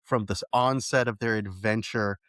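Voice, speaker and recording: A middle-aged man co-hosts a relaxed podcast, earnest and excited as he tells stories with plenty of restarts. His voice sits low, and the room around him is dry and close. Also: normal speed, no echo. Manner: enthusiastic, earnest storytelling with restarts. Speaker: podcast co-host. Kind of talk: casual podcast chat.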